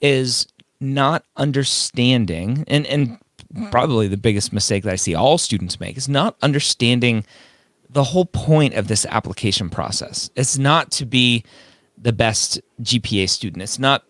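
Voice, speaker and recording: A man of medium pitch hosts a casual advice podcast. He talks emphatically, hammering his points home with rhetorical questions. His voice is close and dry, with no room sound. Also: lively intonation, moderate pace, fairly bright tone, dry recording. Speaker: podcast host.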